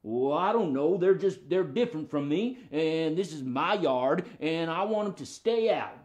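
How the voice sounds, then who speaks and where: A man voicing an excitable male dog who grumbles about outsiders in a low, drawling folksy voice and bursts into barking. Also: moderate pace, natural voice. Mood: grumbling.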